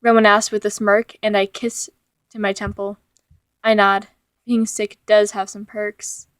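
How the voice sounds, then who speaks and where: A woman reading a fan-fiction story aloud as narrator, with a steady, even delivery. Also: mid-range voice, measured pace, no echo, clean studio sound.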